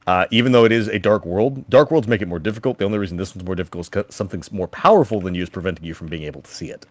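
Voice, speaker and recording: A man running a tabletop game as game master, casual and quick to laugh. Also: low-pitched. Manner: casual, laughing, swears freely.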